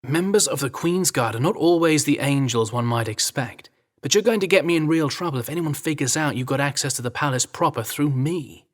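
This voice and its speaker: A man's voice: fairly high pitch, brisk, few pauses, pitched above the performer's own voice, close to an everyday voice. A man as an exasperated young royal guard. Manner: muttering, exasperated. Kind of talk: audiobook character voice.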